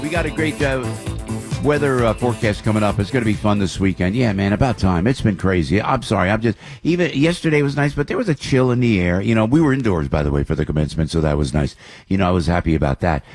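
A man's voice: fairly low pitch, fast, darkish tone, faint music behind. A talk radio host, an older man, chatting in a rambling, upbeat way full of fillers and restarts. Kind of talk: casual radio talk and live ad read.

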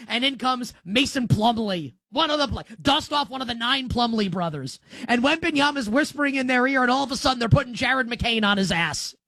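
A man's voice: extremely high pitch, bright, forceful tone, no room sound. A man hosting a sports talk show, giving opinionated commentary in an emphatic, sarcastic way.

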